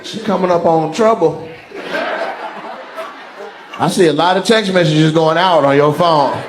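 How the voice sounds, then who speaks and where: A man's voice: a little high, measured pace, noisy background. A male stand-up comedian doing crowd work on stage, brash, profane and teasing. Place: large comedy venue on stage.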